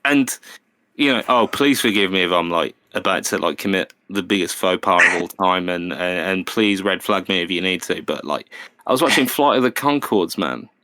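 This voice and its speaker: A man's voice: low voice, animated, moderate pace, bright, forceful tone. An English man as a podcast guest, talking in a wordy, apologetic way and often breaking off to restart. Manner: apologetic, wordy, self-interrupting. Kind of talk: casual chat.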